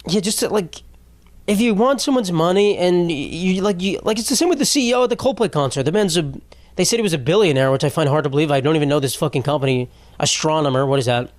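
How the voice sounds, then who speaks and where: Fast and fairly high-pitched, this young man hosts a podcast on a dry recording. His comedic monologue is profane and rambling, and he keeps interrupting his own thoughts.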